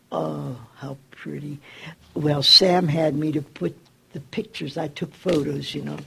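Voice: vocal fry, husky. An older person telling a personal story, acting out the people in it with raised voices. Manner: acts out quoted dialogue with raised pitch. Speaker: storyteller recalling community work.

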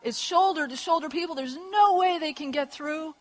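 A woman preaching a sermon, telling gospel stories in a lively way and acting out the voices of the people in them. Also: sits high, moderate pace. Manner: lively storytelling with acted voices and laughs.

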